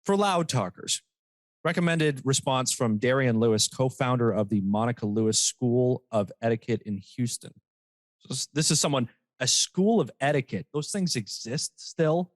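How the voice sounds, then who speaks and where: A man's voice: medium pitch, moderate pace, dry recording. A man co-hosting a casual comedy podcast, joking, reading quotes aloud mockingly and laughing often. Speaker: podcast co-host.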